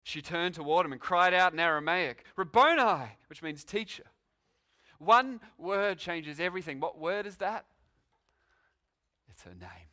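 A male preacher delivers a sermon with a bright, forceful voice set somewhat high. He leans hard on key phrases, then drops to a hushed, slowed hush to draw listeners in. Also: expressive. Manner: emphatic, swings from loud declarations to hushed pauses.

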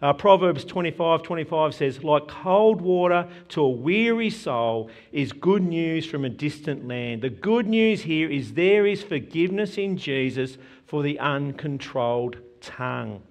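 A man preaching a sermon, earnest and measured, quoting scripture with emphasis. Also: on the high side, animated.

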